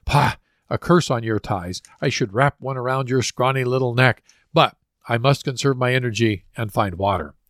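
A man's voice: mid-range voice, moderate pace, dry recording, close to an everyday voice. Angry desperate desert wanderer spitting insults, man telling a joke, dry close sound. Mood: scornful. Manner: shouting insults, scornful.

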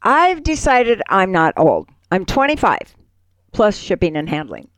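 A playful woman co-hosts a talk show, her voice bouncing through a lively range as she tells jokes. She laughs easily. The sound is dry and close, with no room around it. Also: mid-range voice, measured pace, dry recording. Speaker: radio show co-host. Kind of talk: casual chat and joke telling.

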